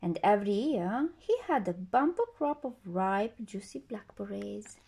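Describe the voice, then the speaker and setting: A woman reading a children's story aloud as a storyteller, slow and expressive with a sing-song delivery. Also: mid-range voice, vocal fry, slight background noise.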